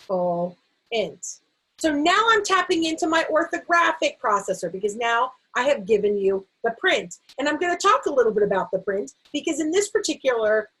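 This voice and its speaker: Middle-aged woman teacher, husky, a bit high, careful vocabulary lesson to camera. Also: a bit bright, poor audio. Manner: slow, stretched-out word repetition. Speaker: literacy teacher.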